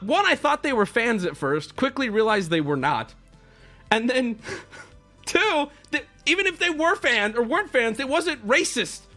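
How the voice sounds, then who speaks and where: A man in his thirties casually telling a story to his stream, swearing freely and acting out his friends' lines in a lower voice. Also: pushed and bright.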